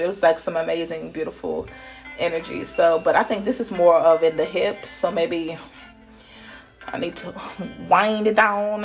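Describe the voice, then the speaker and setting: A woman giving a casual spiritual reading, playful and laughing, dropping to whispers and jumping to loud bursts. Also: mid-range voice. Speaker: spiritual reader channeling messages. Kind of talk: casual intuitive reading monologue.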